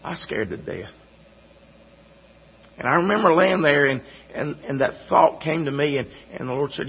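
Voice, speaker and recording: Gravelly-voiced man preaching a testimony. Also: on the high side, expressive. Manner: halting, repeats words, folksy storytelling. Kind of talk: sermon testimony. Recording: dull lo-fi recording.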